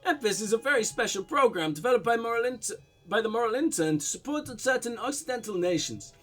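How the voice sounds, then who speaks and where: Pompous diplomat with a put-on Russian-German accent, suave and dodgy, voiced by a man; lively, high delivery. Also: fast talker, faint music behind, full character voice. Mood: smooth, evasive. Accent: mock Russian-German blend. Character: smooth evasive male foreign diplomat, middle-aged.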